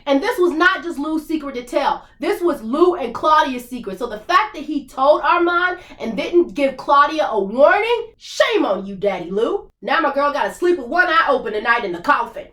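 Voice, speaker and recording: Woman reaction host, heated and profane, high voice with wide swings, roomy echo. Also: normal speed, hardly any pauses. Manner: heated, profane, animated ranting. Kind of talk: TV episode reaction rant. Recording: echoey room.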